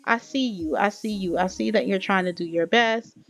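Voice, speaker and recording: A woman's voice: medium pitch, moderate pace, faint music behind, lightly acted. Woman voicing a caring male friend. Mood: reassuring. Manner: earnest, reassuring, casual slang.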